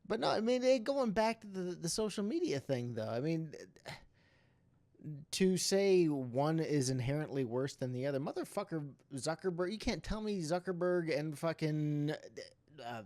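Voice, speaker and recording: A man's voice: on the high side, animated, moderate pace, a little mellow. A man playing an indignant, swearing old codger with a put-on old-timey Southern accent through an old-man voice filter, ranting on a comedy podcast. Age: older. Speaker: podcast co-host.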